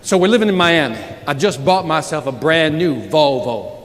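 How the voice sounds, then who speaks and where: A man giving a live motivational sales keynote, telling stories with sudden loud outbursts. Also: a little high, moderate pace. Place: large conference hall with audience. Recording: reverberant hall, audience noise.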